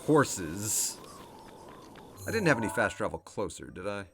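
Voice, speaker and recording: A man's voice: on the low side, sing-song, measured pace, a bit bright, faint music behind. Laughing, swearing let's play guy. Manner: laughs often, swears casually, thinks aloud. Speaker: game streamer.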